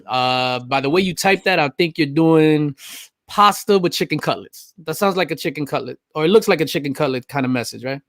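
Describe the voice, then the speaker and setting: A man's voice: a little high, a little fast, dry recording, clean studio sound. Upbeat man hosting a live stream. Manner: animated, laughing often, reading chat comments aloud. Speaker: host of a live stream show. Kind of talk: casual live-stream chat.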